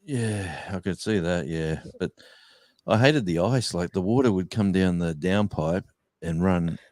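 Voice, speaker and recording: A middle-aged Australian man, a touring musician, telling rambling animated anecdotes in casual chat. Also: low voice, unhurried, dry recording, clean studio sound.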